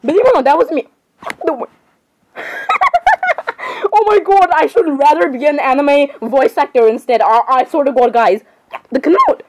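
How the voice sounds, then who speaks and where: High-voiced excitable teenage girl. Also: brisk, slight background noise, low-quality recording. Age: teens. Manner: rambling, dramatic, excitable. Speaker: gamer. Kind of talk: casual gameplay chatter.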